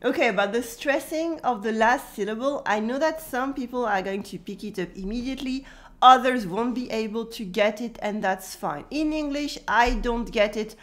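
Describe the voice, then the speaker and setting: French teacher, woman, Parisian accent, a touch high, explains patiently with examples. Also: moderate pace. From France. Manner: friendly, explains with spoken examples. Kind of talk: language lesson to camera.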